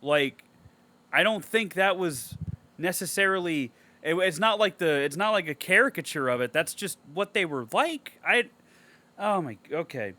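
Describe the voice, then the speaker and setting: Bright-voiced man ranting sarcastically. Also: sits high, expressive, normal speed. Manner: reads a review aloud and rants at it with sarcastic, profane outbursts. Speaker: podcast co-host. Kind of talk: casual podcast movie review.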